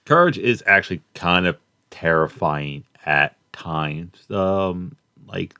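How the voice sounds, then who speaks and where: A young man with a low, deep voice talks through a cartoon in a loose, rambling way. He halts, restarts and leans on fillers as he goes. The sound is dry and close. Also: slow pace, bright, forceful tone, clean tone, no room sound. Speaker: cartoon reviewer. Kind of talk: casual spoken review.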